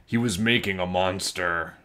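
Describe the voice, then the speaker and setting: A man reading a children's storybook aloud, with slow, expressive storytelling. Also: low voice. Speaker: children's book reader.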